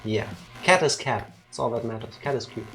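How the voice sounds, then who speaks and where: Speaking fairly quickly in a very deep yet somewhat bright voice, this Danish-accented let's play co-host teases and jokes casually over gameplay, tossing in theatrical asides. Faint music plays in the background.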